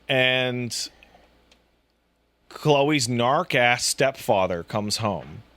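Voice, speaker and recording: Animated guy telling a game story on a podcast, bright voice, swings up and down a lot, dry close mic. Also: mid-range voice, very slow, no echo. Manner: animated, profane, breaks into laughter and mock voices. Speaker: podcast co-host. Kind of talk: casual chat, retelling a video game story.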